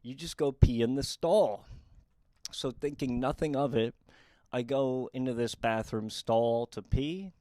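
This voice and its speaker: A young man telling comic true stories in a quick, deadpan and wry way. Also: medium pitch, no room sound, studio quality. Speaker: comedic storyteller. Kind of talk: storytime comedy monologue.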